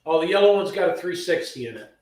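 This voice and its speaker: A man's voice: high-pitched, animated, fast, background noise. Joking man answering viewers in a garage. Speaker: shop owner hosting a live stream. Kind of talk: casual live-stream chat. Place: car restoration garage. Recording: roomy echo from a distance.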